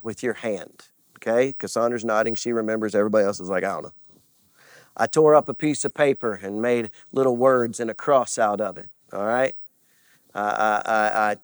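A man preaching a sermon in a church, leading the congregation in call-and-response and repeating key lines for emphasis. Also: no echo. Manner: swings from loud and high to low and quiet, repeats lines for emphasis. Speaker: pastor. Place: church sanctuary.

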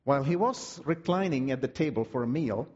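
A man preaching a sermon with dramatic, vivid storytelling and drawn-out words. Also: mid-range voice, expressive, darkish tone, breathy edge, long reverb tail, muffled recording.

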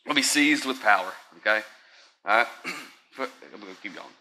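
Sharp-voiced man preaching a sermon. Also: fairly low pitch, rough recording. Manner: conversational preaching, checks in with listeners; swings from soft and slow to loud and excited. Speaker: pastor.

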